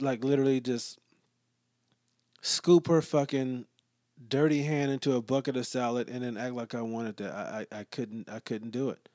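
A man telling a story in a casual rant, profane and exasperated, sometimes dropping to low muttered asides. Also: darkish tone, no room sound, clean studio sound.

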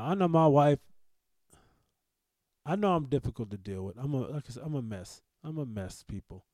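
A man's voice: medium pitch, mellow, dry recording. A man hosting a podcast, telling a personal story in an anxious, self-deprecating, rambling way. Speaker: podcast host.

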